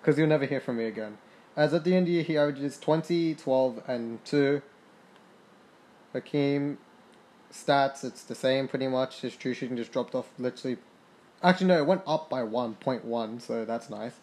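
A young gaming podcaster commentates casually on a basketball sim game, reading stats aloud, swearing freely and getting excited. His voice is medium-pitched with a moderate pace.

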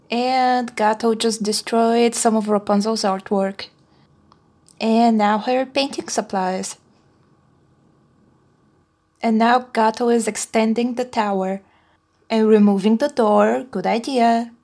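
A woman's voice: on the high side, steady tone, slow pace, long pauses, a little mellow. A woman chattily narrating the plot of a film as she watches it. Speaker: co-host film reviewer. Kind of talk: casual commentary while watching a film.

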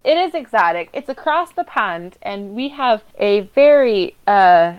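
A woman co-hosting a podcast, talking about a film in an animated, emphatic and profane way. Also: mid-range voice, unhurried, smooth, lo-fi sound. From United States. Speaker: podcast co-host. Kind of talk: casual film discussion.

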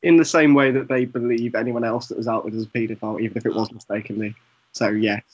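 Husky Northeast English podcast guest. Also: male voice, medium pitch, steady tone, fast talker, highs cut off. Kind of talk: casual chat.

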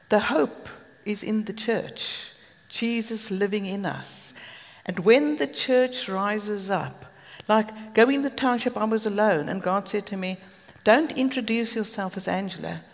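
South African woman preaching, gravelly voice. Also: mid-range voice. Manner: earnest, storytelling, with asides and light laughs. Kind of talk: sermon. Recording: long hall reverb.

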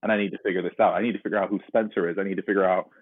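A man's voice: deep voice, steady tone, very fast, breathy edge, dry recording. A man from North Carolina telling his personal story as an interview guest, earnest and reflective, often restarting his sentences. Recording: dry tinny phone-like line.

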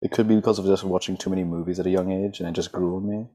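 Young man with a low, husky voice and an American-leaning accent, chatting casually on a podcast. He tells stories in a loose, jokey way, with plenty of asides. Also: fairly even intonation, rapid-fire, dark tone. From Australia. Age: young adult. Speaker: podcast co-host. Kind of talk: casual chat.

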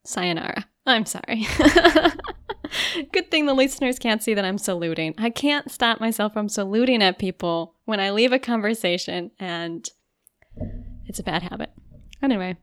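A woman's voice: mid-range voice, animated, normal speed, a bit bright, dry recording. Young woman, podcast co-host, casual chat, filler-heavy, dry sound. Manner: chatty, many "like" fillers, giggly.

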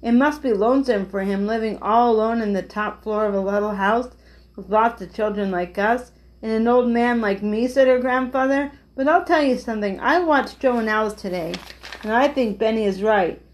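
A woman reads a children's chapter book aloud in a slightly high voice. She keeps the narration gentle and plain, giving each character only a light touch of a voice. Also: moderate pace, rough recording. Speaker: storyteller.

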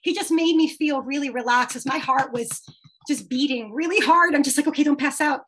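A high-voiced woman tells a fan story with lively energy. She laughs often and acts out the lines she quotes in a bright, playful way. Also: brisk, a little hiss or hum. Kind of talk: casual storytelling.

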